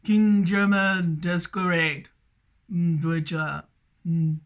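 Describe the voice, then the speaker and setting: Speaking slowly in a lowish, steady voice, this woman vlogs alone on camera. She stammers, circles back over the same points, and keeps adding "that's correct" to what she says.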